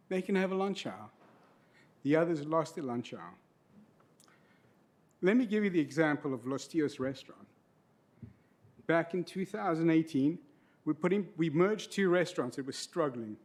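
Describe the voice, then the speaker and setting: A man's voice: fairly high pitch, a little mellow. A middle-aged man giving an earnest, emotional public comment at a county meeting, speaking into a podium microphone. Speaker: public commenter, trustee of local business property. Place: county board meeting room.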